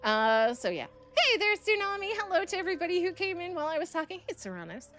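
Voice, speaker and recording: A woman's voice: extremely high pitch, very animated, quick pace, fairly bright tone, soft background music. A woman streamer telling a story to her chat in a blunt, profane, heated way.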